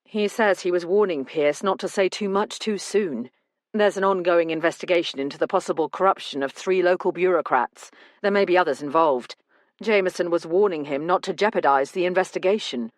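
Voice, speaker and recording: Woman voicing a measured police detective husband. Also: fairly low pitch, no echo, close to an everyday voice. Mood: matter-of-fact. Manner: measured, explanatory.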